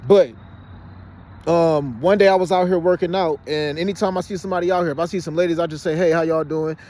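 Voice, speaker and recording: This casual to-camera phone vlog features a man from Detroit, Michigan, outdoors beside a fenced exercise area. He talks fast and insistently, peppering in "you know what I'm saying," in a high-ish, dark-toned voice.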